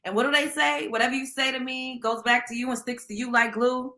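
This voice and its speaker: A woman's voice: high voice, level tone, fairly quick, bright, forceful tone. A woman with a Southern US accent hosting a casual live stream, talking bluntly and emphatically in slang and speaking straight to her viewers. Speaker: host.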